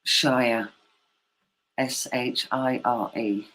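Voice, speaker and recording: A woman with a low voice and an English Midlands accent, talking unhurriedly on a video call. She spells words out patiently and laughs a lot in easy, casual chat. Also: fairly even intonation, extremely slow, fairly bright tone, rough recording. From England.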